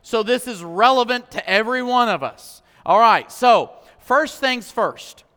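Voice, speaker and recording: A man preaching a sermon as pastor, impassioned, swinging from loud declarations to hushed, personal moments. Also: very high voice, expressive, unhurried. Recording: long hall reverb.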